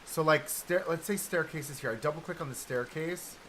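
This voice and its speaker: A man's voice: fairly high pitch, a little fast, fairly bright tone, slight background noise. A man chatting casually on a live game stream, laughing often and explaining what he builds as he goes. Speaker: streamer building a theme park.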